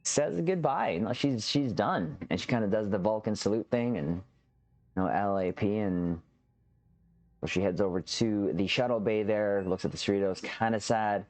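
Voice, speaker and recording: A man's voice: fairly low pitch, normal speed, a little mellow. A man hosting a reaction channel, casually recapping a TV episode in a loose, rambling way with frequent restarts, talking straight to his viewers. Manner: rambling, restarts often, addresses viewers as captains.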